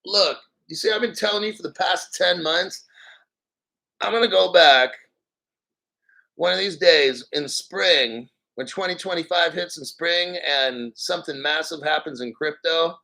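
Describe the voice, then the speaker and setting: A man hosting a crypto video talks in a forceful, bright, somewhat high voice. He reads a news article and keeps cutting in with hyped, boastful reactions. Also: measured pace, vocal fry, rough recording. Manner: hyped, boastful, laughing often. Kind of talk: excited commentary reading an article.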